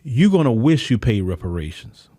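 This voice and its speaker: A man's voice: medium pitch, sing-song, moderate pace, warm tone. A man hosting a podcast, delivering a fiery political commentary monologue that speaks straight to his listeners, often repeating and restarting his words. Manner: fiery, preaching, addresses listeners directly. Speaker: podcast host.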